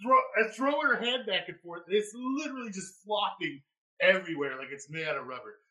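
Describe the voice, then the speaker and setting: Podcast host, male, bright lively voice, laughing storyteller, casual chat. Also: sits high, fairly quick, poor audio. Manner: animated, laughing, yells quoted lines. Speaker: former EMT.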